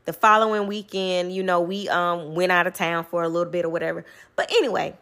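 A woman speaking in a casual storytelling monologue, emphatic and animated, and she repeats her points for stress. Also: lowish voice, fairly quick. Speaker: vlogger; caregiver in medical field.

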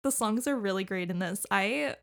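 A young woman chats casually as a podcast co-host. She talks in an animated way, with lots of fillers and frequent laughs. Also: mid-range voice, normal speed. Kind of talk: casual chat about musicals.

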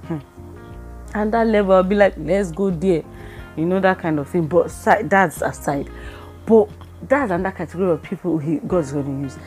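A woman with a Nigerian accent giving a casual devotional talk. She speaks with lively energy, acts out bits of dialogue, and drops in pidgin phrases. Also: lowish voice, brisk, faint music behind. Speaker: Christian speaker.

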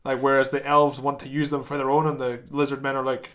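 A man's voice: medium pitch, little pitch movement, quick pace, hardly any pauses, fairly bright tone. A man co-hosting a podcast, talking enthusiastically about fantasy games and laughing often. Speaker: podcast co-host. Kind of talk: casual chat.

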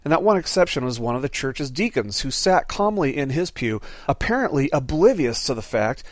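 A man's voice: mid-range voice, big pitch swings, brisk, no echo, clean studio sound. A man preaching a sermon, opening with prayer, earnest and repeating phrases for emphasis.

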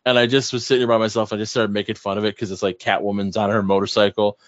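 A man co-hosting a podcast, chatting in an animated, joking and mocking way. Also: fairly low pitch, fast talker, no room sound, dull audio. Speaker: podcast co-host. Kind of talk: casual chat.

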